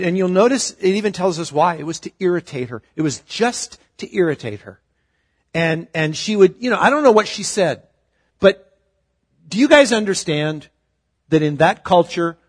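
Man preaching with a higher voice. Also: breathy edge. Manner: conversational, humorous preaching with sudden loud and soft turns. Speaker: pastor. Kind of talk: sermon.

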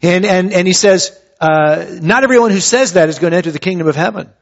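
A man preaching a sermon who reads scripture and then explains it in a conversational way, often pausing and restarting his phrases. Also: high voice. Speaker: pastor. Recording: dull lo-fi sound.

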